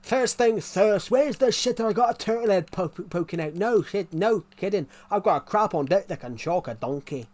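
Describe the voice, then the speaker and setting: A man's voice: fairly high pitch, expressive, brisk, few pauses, lightly acted. A man putting on the voice of a crude, obese Scottish comedy film character, boasting coarsely about the toilet. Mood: crude gleeful. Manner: coarse, bragging, gleeful toilet humour.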